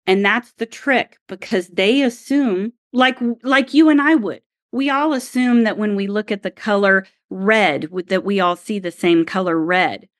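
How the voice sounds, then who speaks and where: A middle-aged woman from Oklahoma, a golf caddie guest telling a story in a lively, emphatic, exasperated way. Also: mid-range voice, unhurried, few pauses, dry recording, clean studio sound. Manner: animated, emphatic, exasperated retelling. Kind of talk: casual storytelling.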